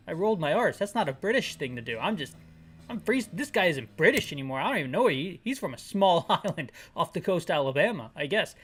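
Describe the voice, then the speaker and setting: A woman's voice: on the low side, animated, a little fast, husky. A woman narrating a descriptive audio game playthrough with sarcastic, ranting asides. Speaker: game commentator.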